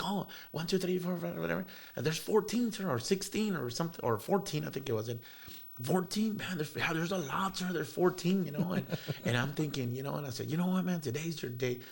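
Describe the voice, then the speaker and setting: A man's voice: medium pitch, gravelly. A man, telling a heartfelt story as an interview guest, rambling with many fillers and bits of Spanish slang. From South Texas.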